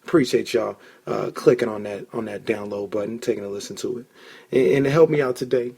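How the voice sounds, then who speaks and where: A gravelly man hosts a casual sports podcast. His voice is husky and a little rough. He tells stories excitedly and curses when he gets fired up. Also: on the low side, fairly quick. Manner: excitable storyteller, swears when worked up. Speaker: podcast host.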